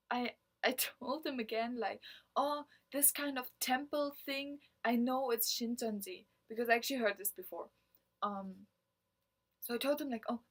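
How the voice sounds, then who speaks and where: A woman from Germany, a native German speaker, talking casually to camera, telling a story with frequent laughs and fillers. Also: fairly high pitch. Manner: chatty, laughs often, many fillers like "like". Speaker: vlogger.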